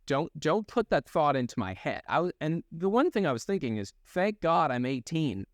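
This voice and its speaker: A young man chats casually as a podcast co-host, his fairly high voice swinging widely in pitch as he jokes and laughs. The sound is dry and close to the mic. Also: very animated, moderate pace, no echo. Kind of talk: casual chat.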